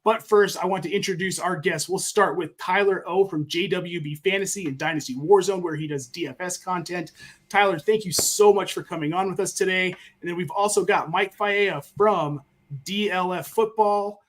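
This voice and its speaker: A man's voice: sits high, moderate pace. A man hosting a fantasy football podcast live stream, upbeat and friendly, reading out chat comments. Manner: friendly, reads chat shoutouts. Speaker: podcast host.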